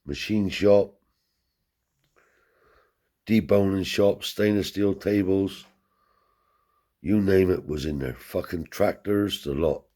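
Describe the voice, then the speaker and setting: A deep, husky man spins a long, rambling yarn full of swearing. His voice is low and warm, and it jumps higher whenever he acts out what someone else said. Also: takes it slowly, pauses often. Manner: rambling, profane, lifts his voice to act out quoted people. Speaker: storyteller. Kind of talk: casual anecdote telling.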